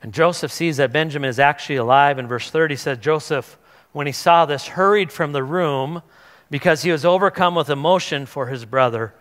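A man's voice: fairly high pitch, a little fast, a bit bright. A male pastor giving a sermon, retelling a scripture story in a casual way, with frequent restarts, and he voices the characters as he goes. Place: church hall. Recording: long church hall reverb.

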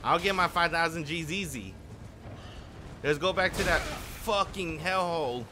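A man streaming a video game live, reacting aloud with frequent swearing and excitable running commentary. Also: a little high, measured pace, background noise. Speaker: gaming streamer.

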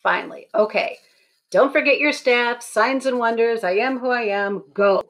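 Brief: casual, exasperated divine voice, plain-spoken and a touch quiet, played by a woman in a sermon. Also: fairly high pitch, moderate pace. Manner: blunt, matter-of-fact, casual. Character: exasperated patient deity, male voice.

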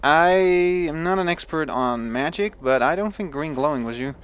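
Young man, dutch accent, bright forceful tone, slightly high voice, casual game commentary, thinks aloud. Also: animated, normal speed, clear, resonant tone. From Netherlands. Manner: chatty, thinks aloud with restarts and self-talk. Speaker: let's play gamer.

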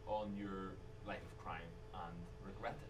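Low soft-spoken male interviewer, distant mic. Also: fairly even intonation, unhurried. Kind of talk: interview questions. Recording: distant mic with faint noise.

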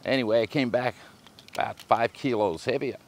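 A man's voice: mid-range voice, moderate pace. A man with an Australian accent giving a casual, chatty monologue, full of slang and hesitant fillers. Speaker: performer. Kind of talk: spoken monologue.

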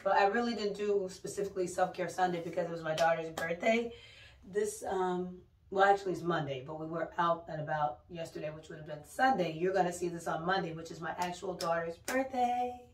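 A middle-aged woman, a mother and vlogger, telling stories in casual, chatty talk with lively exclamations. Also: lowish voice, brisk, slight background noise. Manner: chatty storytelling, exclaims "oh my God". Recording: roomy, mic a bit distant.

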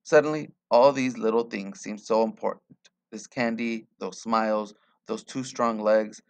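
A man reading a short story aloud in a quiet, measured way. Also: fairly low pitch, steady tone, creaky. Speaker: reader.

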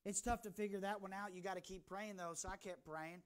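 A pastor preaching a fervent sermon from a church pulpit, swinging from shouting to hushed talk. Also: male voice, high-pitched, fairly even intonation, fairly quick, slight background noise.

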